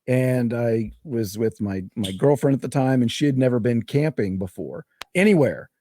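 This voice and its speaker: A man's voice: medium pitch, lively intonation, moderate pace, dark tone, no room sound, clean studio sound. A man telling a long, rambling, profane story in a casual podcast chat. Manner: rambling, profane, laughs through his own story.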